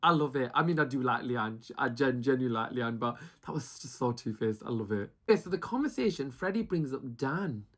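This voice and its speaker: A reality TV reviewer chatting casually with plenty of gossip and attitude. The delivery is animated, and it regularly breaks into high mimicked voices when quoting the contestants. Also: fairly quick, few pauses. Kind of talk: casual commentary with mimicked quotes.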